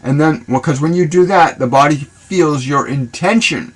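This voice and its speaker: A man's voice: on the high side, normal speed, low-quality recording. Man giving loose, rambling spiritual advice. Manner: loose and rambling, repeats himself, speaks in affirmations. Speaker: spiritual reader answering viewer questions. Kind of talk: casual live-stream guidance. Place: live social video stream.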